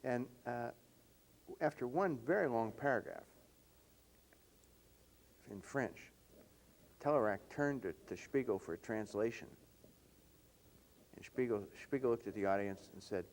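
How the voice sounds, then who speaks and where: Older male interviewer, lively anecdotal storyteller, voice swings up and down a lot. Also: medium pitch, moderate pace, creaky, pauses often, slight background noise. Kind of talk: reminiscing conversation.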